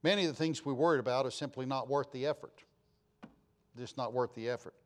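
A man preaching a sermon as a pastor, telling a folksy story with animated delivery. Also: medium pitch, a little fast.

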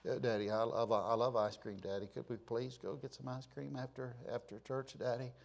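A man voicing a little girl in a sermon story, pleading over and over with her father in a soft, halting voice. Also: mid-range voice, steady tone, creaky.

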